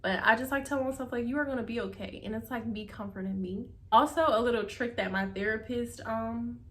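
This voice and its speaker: A woman's voice: a little high, brisk. Chatty young woman vlogger. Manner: chatty, frequent "like" and "um" fillers; candid and encouraging. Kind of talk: casual talk to camera.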